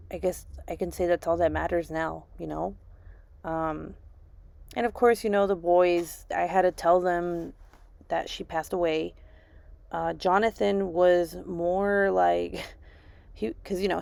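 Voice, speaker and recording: A woman with a low-set voice and a gravelly edge, sharing personal news in a casual vlog. She is a subdued, grieving mother who talks haltingly, stops mid-thought and starts over. The sound is close and dry. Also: a little mellow, no room sound. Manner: halting, restarts and repeats herself, lots of fillers. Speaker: vlogger and mother.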